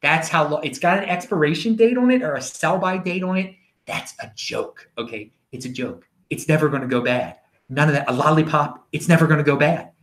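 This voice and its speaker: Rambling Baltimore man, lively pitch. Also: brisk, reverberant. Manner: rambling, animated storytelling. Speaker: show host. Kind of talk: casual monologue.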